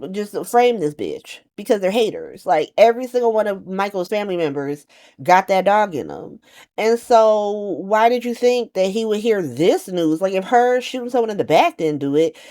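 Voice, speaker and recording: A woman casually recapping a soap opera episode, animated and profane, acting out the characters' lines as she goes. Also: medium pitch.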